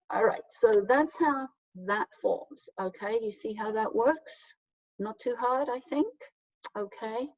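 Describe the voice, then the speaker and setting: Patient woman English teacher, slows down for example sentences; dull, far-off mic in a dry room. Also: mid-range voice, a little mellow, no echo. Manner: patient, explains step by step, often checks with "okay?"; reads example sentences slowly and clearly. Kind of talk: grammar lesson for learners.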